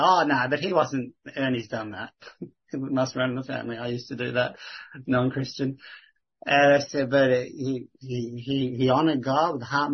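A man tells rambling, earnest stories about conversations at work, doubling back and restarting as he goes. His voice is husky and mid-pitched. The recording sounds dull and lo-fi. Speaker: Christian sharing witnessing stories. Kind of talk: casual testimony chat.

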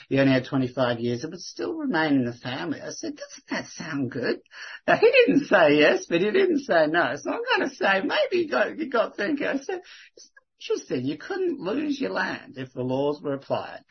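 A man's voice: on the high side, breathy edge, lo-fi sound. A man sharing earnest, rambling faith stories in casual chat, with frequent restarts. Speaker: Christian sharing witnessing stories.

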